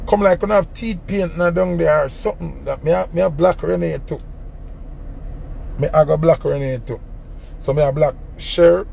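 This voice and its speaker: A young man with a Jamaican accent, ranting in an animated, mocking way on a casual phone livestream. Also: fairly high pitch, gravelly, slight background noise. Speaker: entertainer on a livestream.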